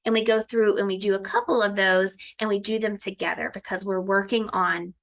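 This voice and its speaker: A woman teacher walking through a recorded lesson, slipping into a sing-song classroom voice and sounding out letters slowly. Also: mid-range voice, steady tone, a bit bright.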